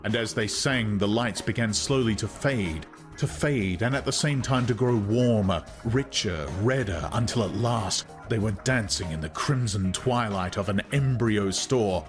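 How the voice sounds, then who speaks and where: A man reading a novel aloud in measured, expressive scripted narration. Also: fairly low pitch, over music. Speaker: audiobook narrator.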